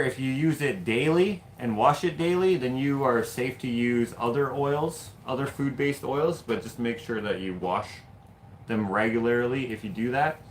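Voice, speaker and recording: A man from Canada hosting a casual livestream, telling stories in an animated, laughing, loosely profane way. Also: medium pitch, a little hiss or hum. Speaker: host of live hangout stream.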